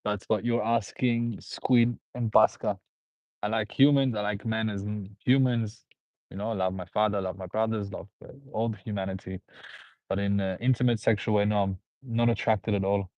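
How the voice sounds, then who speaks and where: A man's voice: on the low side, fairly even intonation, normal speed, darkish tone, no echo. A man hosting a live stream, rambling through viewer comments, laughing and repeating himself. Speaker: host. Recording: dull, dry lo-fi sound.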